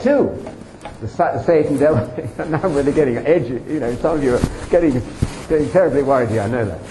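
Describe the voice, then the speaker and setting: A man's voice: a little high, warm tone. An older man giving a personal testimony to a congregation, emphatic and addressing the listeners directly. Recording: roomy echo, faint background noise.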